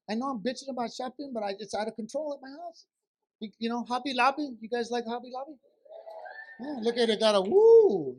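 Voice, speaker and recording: There's slight background noise as a man with a very high voice performs stand-up at a benefit show. He acts out conversations between himself and his wife, telling his stories with plenty of animation.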